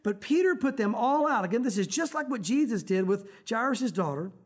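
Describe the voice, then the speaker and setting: A man's voice: extremely high pitch, expressive, a little fast. Guy preaching a sermon, chatty and casual, keeps saying you know, acts out the prayers. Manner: conversational, acts out prayers in dramatic voices. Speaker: pastor.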